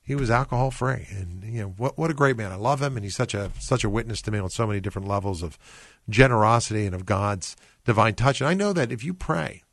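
Earnest low-voiced male radio host. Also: animated, fast, no room sound. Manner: earnest storytelling with restarts. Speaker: radio talk show host. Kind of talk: faith call-in radio talk.

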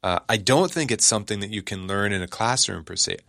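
A man hosting a talk radio show in a relaxed, rambling way. He keeps breaking into stifled laughter and restarting his sentences. His voice is on the low side and recorded close and dry. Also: a little fast, gravelly, no echo. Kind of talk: casual on-air talk.

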